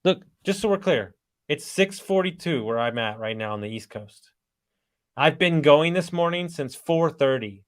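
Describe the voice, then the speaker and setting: A man guesting on a podcast, telling stories in a blunt, energetic way and swearing freely, heard over a video call. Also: a little high, moderate pace. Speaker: podcast guest, entrepreneur and coach. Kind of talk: casual storytelling.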